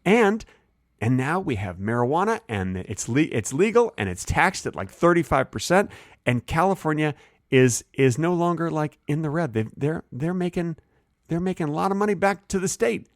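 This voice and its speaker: A man co-hosting a casual podcast, telling rambling stories in an animated way. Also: on the high side, normal speed, dry recording, clean studio sound. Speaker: podcast co-host. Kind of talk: casual chat.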